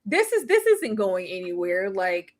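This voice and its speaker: A woman giving sassy, animated commentary on a live stream about a reality show, cutting in with mocking impressions. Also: mid-range voice, measured pace. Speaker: co-host of a reality show recap.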